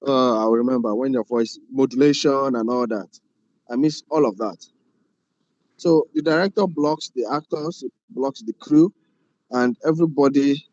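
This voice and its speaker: A man's voice: mid-range voice, darkish tone, dry recording, muffled recording. A man lecturing a film class on directing, often repeating phrases and asking rhetorical questions.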